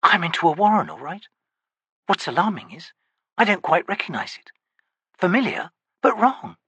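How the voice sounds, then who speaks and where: A man's voice: high-pitched, big pitch swings, moderate pace, fairly bright tone, slightly rough, dry recording, pitched above the performer's own voice, heavily acted. A man voicing a wary, wry male wizard for an audiobook, talking to himself in a sardonic way. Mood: uneasy.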